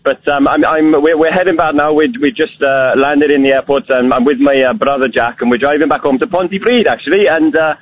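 A young man in his twenties calling a radio show in a put-on Welsh accent, energetic and stumbling over restarts. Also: a little high, fairly quick, hardly any pauses, a little hiss or hum. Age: 20s. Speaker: caller. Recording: tinny phone line.

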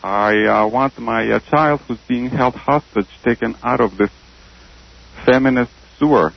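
A male caller holds forth in a slow, grandiose, sermonizing way. The sound is dull and lo-fi, like old radio audio. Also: medium pitch, vocal fry. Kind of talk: phone-in argument.

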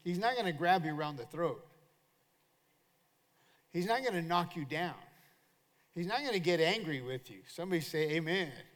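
Older male pastor, high-pitched voice, animated call-and-response sermon, long hall reverb. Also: moderate pace, pauses often.

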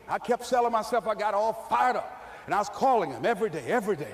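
A man giving a lively, folksy motivational speech to a live audience, telling a story with punchy delivery. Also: sits high, fast, in a large hall. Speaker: motivational speaker.

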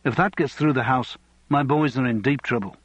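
A gruff, no-nonsense union boss with a Liverpool accent, as a male reader puts him on. The husky voice sounds dull and dry, as if recorded close in a padded studio. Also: medium pitch, normal speed, a bit bright, dry recording. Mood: blunt. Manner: gruff, blunt. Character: blunt Liverpool union boss, middle-aged man.

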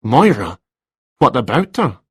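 A man's voice: mid-range voice, very animated, unhurried, a bit bright, slightly rough, dry recording, studio quality, full character voice. A man reading a story, voicing a flustered, distracted male writer who talks hesitantly.

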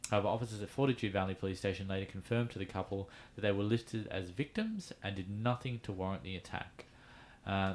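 A man's voice: on the low side, a little hiss or hum. An Australian man on a podcast who reads out a news item and then tells his own story in casual chat, with fillers as he goes.

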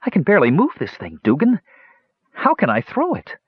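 Man doing a frightened young mage, high pleading voice, husky, dry sound. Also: big pitch swings, slow, dry recording, dull audio, heavily acted. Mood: desperate. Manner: desperate, pleading.

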